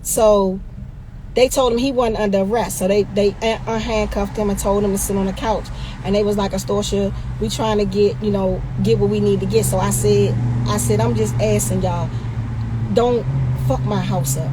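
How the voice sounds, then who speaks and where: A middle-aged woman telling a story on a livestream in a blunt, profane, animated way, acting out what everyone said. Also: mid-range voice, normal speed, background noise. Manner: blunt, profane, animated retelling with quoted dialogue.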